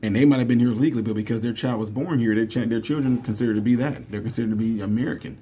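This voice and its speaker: A man's voice: medium pitch, racing, mellow, slight background noise. A man in his thirties talking casually to viewers in a commentary vlog, telling stories with fillers and laughing often. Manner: conversational, storytelling, laughs often, many fillers. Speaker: commentary vlogger.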